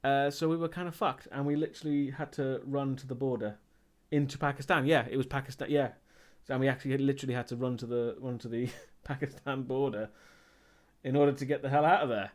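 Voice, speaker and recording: A man's voice: medium pitch, steady tone, quick pace. A man streaming live and chatting casually as he answers viewer questions, rambling and hesitant, with many ums and restarts.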